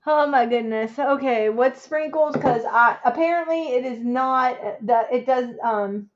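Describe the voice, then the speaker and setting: A high-pitched woman talks casually to viewers from home, chatty and excitable and given to exclamations. The sound is a little dull and lo-fi. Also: unhurried. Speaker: crafting livestreamer. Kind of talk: casual livestream chat.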